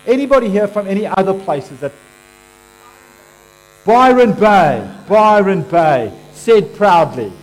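A man's voice: high-pitched, a little mellow. A man with an Australian accent giving a playful, interactive sermon, joking with and quizzing his congregation. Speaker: preacher.

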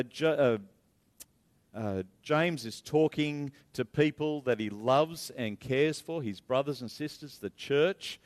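Male pastor, sermon, earnest with emphatic repetition, mid-range voice. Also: mid-range voice. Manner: earnest, repeats key phrases for emphasis. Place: church.

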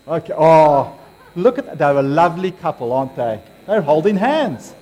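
Australian man preaching, high voice, very lively pitch, jokey, quizzing the crowd. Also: normal speed. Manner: playful, joking, quizzing the audience. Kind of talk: interactive sermon to a congregation.

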